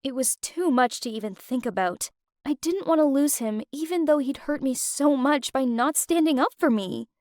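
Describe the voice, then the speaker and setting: A woman narrating an animated first-person story in an emotive, expressive way. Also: high-pitched, normal speed, no echo, studio quality. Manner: emotive, with wide swings of expression.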